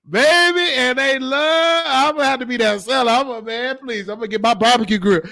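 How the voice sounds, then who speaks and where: High-voiced joking man. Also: normal speed, vocal fry, dry recording. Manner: animated, joking, laughs often. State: voice worn from talking. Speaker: show host. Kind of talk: casual live-stream chat.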